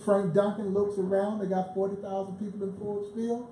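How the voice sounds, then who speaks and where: A man, a museum president, telling lively baseball stories as a guest at a live panel, chuckling as he goes. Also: sits high, fairly quick. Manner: animated storyteller who chuckles through his tales. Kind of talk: lively anecdotal storytelling on stage. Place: live event in a bar venue. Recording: echoey live venue, faint background noise.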